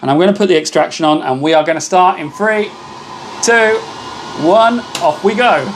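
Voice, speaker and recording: A man's voice: sits high, normal speed, a little hiss or hum. Upbeat British man live-streaming. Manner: chatty, upbeat, thanks viewers by name. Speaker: livestream host. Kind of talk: casual live-stream chat.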